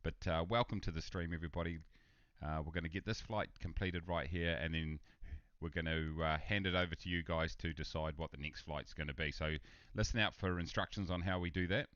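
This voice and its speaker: A man with a New Zealand accent giving a relaxed welcome to his stream. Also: low-pitched, a little fast, smooth, dry recording. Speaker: stream host. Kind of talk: recorded stream intro. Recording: dull, dry lo-fi sound.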